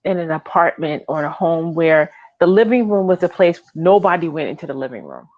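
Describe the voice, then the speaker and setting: A woman co-hosting a wellness talk show, chatting casually and acting out her own quoted lines with lively energy. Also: sits low, brisk. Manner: animated storyteller, acts out her own quotes. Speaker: co-host. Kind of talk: casual chat. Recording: slightly dull, lo-fi remote audio.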